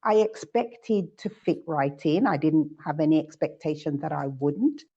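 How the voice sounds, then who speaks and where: A woman's voice: sits low, measured pace, dark tone, breathy edge. A woman from the United Kingdom, a guest sharing reflective stories in casual chat. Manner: reflective, storytelling. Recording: dull lo-fi audio.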